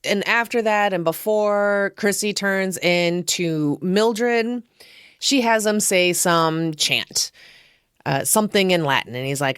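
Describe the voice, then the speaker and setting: A woman's voice: on the low side, unhurried, fairly bright tone, clean tone, no room sound, clean studio sound. A woman hosting a casual film review podcast, chatty and profane, laughing often as she talks. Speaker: podcast host.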